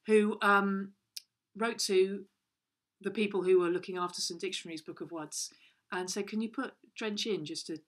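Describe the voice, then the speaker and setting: Bright-voiced playful woman. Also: mid-range voice. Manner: rambling, playful, full of restarts and silly voices. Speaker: children's show co-host. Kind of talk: comic storytelling for children. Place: home.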